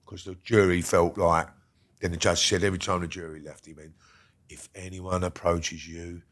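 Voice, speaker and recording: Heated, profane man, low voice. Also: little pitch movement, moderate pace, fairly bright tone. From Britain. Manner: heated, profane, emphatic storytelling. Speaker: interview guest. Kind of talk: casual storytelling.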